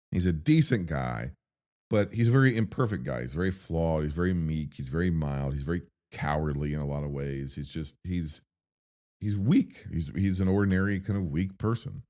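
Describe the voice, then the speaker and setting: Deep-voiced guy ranting excitedly about a movie he just saw, swears a lot, rambles. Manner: excitable and rambling, with profanity and big pitch swings when worked up. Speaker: movie reviewer host. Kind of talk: spoken film reaction.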